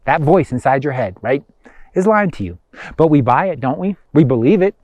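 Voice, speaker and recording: A man's voice: fairly high pitch, sing-song, normal speed, a little mellow, no echo. Man giving a dry, emphatic pep talk. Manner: conversational, repetitive, emphatic. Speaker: motivational speaker. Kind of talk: motivational self-help talk.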